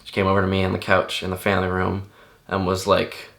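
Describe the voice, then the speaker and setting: A young man recounting a personal memory unscripted, in a halting, earnest way with many restarts and fillers. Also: sits low, completely flat delivery, vocal fry, fairly bright tone. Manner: stunned, earnest.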